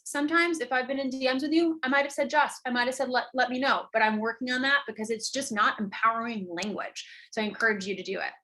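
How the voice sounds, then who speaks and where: A high-pitched woman, an online business coach, leads a live training with emphatic energy. She often caps her points with quick questions.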